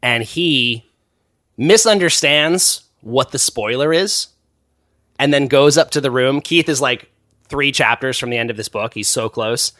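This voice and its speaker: A man's voice: mid-range voice, a little slow, pushed and bright, no echo, studio quality. A man in his thirties chatting as a podcast guest, rambling through stories with lots of fillers and restarts. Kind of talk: casual chat.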